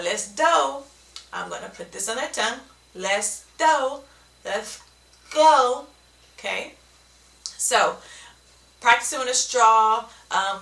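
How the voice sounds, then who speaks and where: In an instructional video, a woman with a bright, forceful, medium-pitched voice and a gravelly edge explains speech therapy techniques, repeatedly checking in with "okay?". She sounds a little distant from the mic in a roomy, echoing space.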